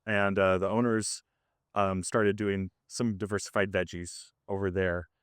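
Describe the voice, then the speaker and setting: A man walking a group around his farm outdoors and explaining his methods in a loose, conversational way full of "like" and "um." His voice is a little hoarse, yet it comes through smooth and close. There is no room echo. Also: deep voice, level tone, a little slow. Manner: casual and conversational, with many fillers. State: slightly hoarse. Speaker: farmer leading a farm tour.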